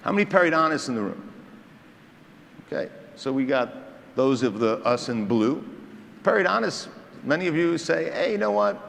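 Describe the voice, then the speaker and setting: A man gives a lively conference lecture to a room of dentists, quizzing them with show-of-hands questions. His mid-pitched voice rings out with a long hall reverb, and a faint room ambience sits underneath. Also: normal speed, vocal fry, pauses often, a little hiss or hum. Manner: engaging storyteller, quizzes the audience. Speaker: implant surgeon lecturing dentists. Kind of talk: conference lecture to a live audience.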